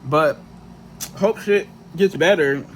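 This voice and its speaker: A man's voice: fairly high pitch, takes it slowly, slight background noise. A young man ranting in a frustrated, profane monologue full of slang and restarts. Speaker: vlogger.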